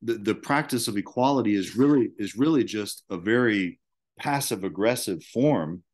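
A man discussing ideas as a guest, speaking haltingly with frequent restarts and fillers. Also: on the low side, a little mellow. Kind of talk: casual discussion.

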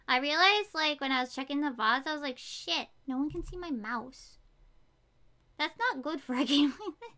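A woman streamer with a very high, piercingly bright voice. She chats through a game while keys clatter at her desk. She swears freely and flips into panicked yelling. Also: gravelly. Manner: excitable, swears freely, bursts into panicked shouting. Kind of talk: live gaming stream chatter.

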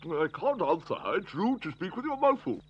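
A man's voice: fairly high pitch, animated, normal speed, fairly bright tone, dull audio, a little hiss or hum. A man voicing a greedy, good-natured old dog in a dubbed cartoon, pompous and chuckling. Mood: jolly.

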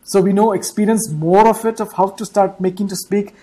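A woman preaching an online church sermon in a warm, mellow voice with a slightly husky edge. She keeps repeating her key points and pauses to check in with the congregation through quick rhetorical questions. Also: mid-range voice, steady tone, rough recording.

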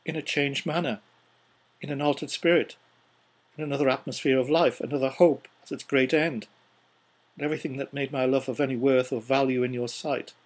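A man reading as a calm, sorrowful young woman. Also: medium pitch, natural voice. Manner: quiet, measured, sorrowful. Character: young woman, calm and steady, gently releasing a former love. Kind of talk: audiobook character reading.

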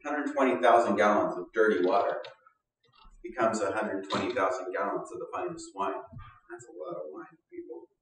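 A man's voice: fairly low pitch, very animated, normal speed, a crowd in the background. A male pastor delivers a sermon in a loose, conversational storytelling style. He keeps slipping into the voices of the people in his stories. His voice carries from a distance through a very echoey church hall.

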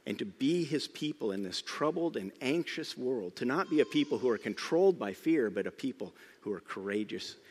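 Middle-aged guy preaching a sermon, mid-pitch voice, storytelling style, echoey church sound. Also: moderate pace, hardly any pauses, husky. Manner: animated storytelling, swings from loud emphasis to hushed tones. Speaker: pastor. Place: church sanctuary. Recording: church hall reverb.

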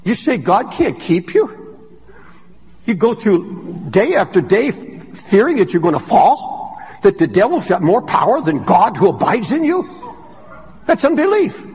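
A man preaching a sermon as pastor, impassioned and rising to shouts, recorded in a large church hall. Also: sits high, big pitch swings, unhurried, pauses often, slightly rough. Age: older.

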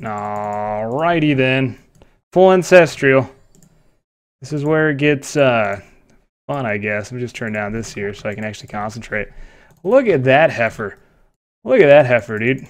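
A young man giving live commentary on his own gameplay, excitable, laughing often and swearing. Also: medium pitch. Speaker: gaming YouTuber.

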